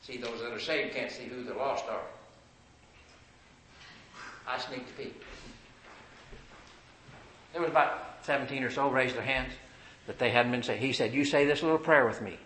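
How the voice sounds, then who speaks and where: A man preaches with a sharp, forceful voice that swells into loud, emphatic bursts. His sermon rings through a roomy, echoing space with a faint hum of ambience behind it. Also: mid-range voice, fairly even intonation, unhurried, pauses often.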